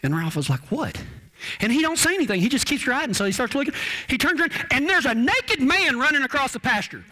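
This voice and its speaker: High-voiced folksy preacher man. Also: expressive, quick pace, pushed and bright. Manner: folksy, homespun, repeats words and restarts. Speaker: cowboy preacher. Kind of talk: folksy sermon.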